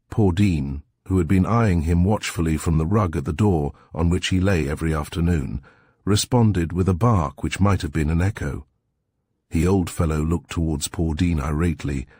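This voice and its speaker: A man reading a sleep story aloud in a calm, soft-spoken, measured way with a husky voice. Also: low-pitched, no echo, studio quality.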